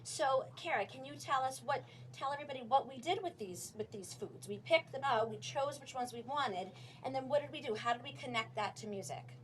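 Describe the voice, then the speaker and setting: A woman's voice: sits high, brisk, hardly any pauses, fairly bright tone, slight background noise. A woman music teacher leading a classroom demonstration with young students, upbeat and coaching as she counts them in.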